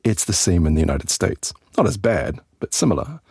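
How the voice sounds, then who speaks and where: Low-voiced guy teaching english on a podcast, easygoing and chatty, dry close sound. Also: a little fast, husky, no echo. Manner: relaxed, chatty explaining with asides to the listener. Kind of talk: conversational podcast lesson.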